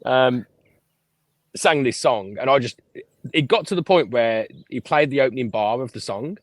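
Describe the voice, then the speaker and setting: A man, a podcast guest telling lively stories about his life and swearing freely. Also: medium pitch, normal speed, no room sound. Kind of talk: casual storytelling interview.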